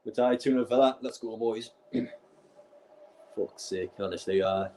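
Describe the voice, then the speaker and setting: A man's voice: lowish voice, dark tone, a little hiss or hum. A young man, giving exasperated, sweary live reaction commentary as a football fan streaming a match. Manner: exasperated, sweary, fast-shifting rants.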